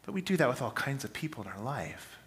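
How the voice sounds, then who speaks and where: Bright-voiced male preacher. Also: medium pitch, very animated, fast. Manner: dynamic preaching, swinging between loud emphasis and quiet asides. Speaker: pastor. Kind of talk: sermon.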